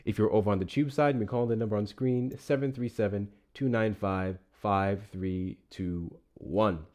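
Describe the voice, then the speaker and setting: A man hosting a live show, giving casual political commentary in an animated, profane rant. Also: on the low side, normal speed. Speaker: livestream host.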